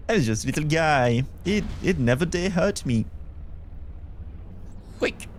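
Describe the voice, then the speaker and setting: A man's voice: fairly high pitch, expressive, slow pace, a little hiss or hum. A young man with a Belgian French accent, chatting casually as he streams a game and answers his chat. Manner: chatty, thinks aloud, reads chat. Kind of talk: casual gameplay commentary.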